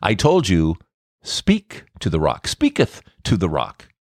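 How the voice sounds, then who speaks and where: A man's voice: sits low, wildly swooping pitch, slow, dry recording, studio quality, voice pushed down, heavily acted. A man voicing God as an exasperated male figure who scolds a prophet in a teasing, mock-archaic way.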